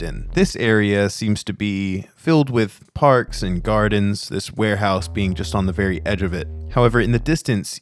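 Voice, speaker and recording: Lively man narrating as game master. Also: lowish voice. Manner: lively scene-setting narration.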